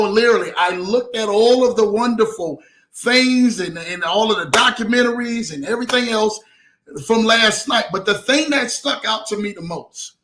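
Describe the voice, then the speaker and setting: Male host for a live-stream motivational show: high, bright voice, hyped, leans on repeated catchphrases.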